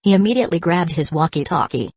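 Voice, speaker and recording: Woman, audiobook narration, low voice, even delivery, dry sound. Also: fast, no echo. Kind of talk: scripted narration.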